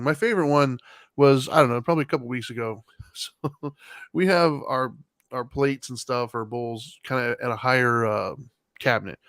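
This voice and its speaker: A man's voice: mid-range voice, no room sound. A man in his thirties on a podcast, talking casually and telling a story at an easy, meandering pace. His voice sits in a middle register and is heard close and dry, with no room sound around it. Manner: relaxed, rambling with many fillers and laughs. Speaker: podcast co-host.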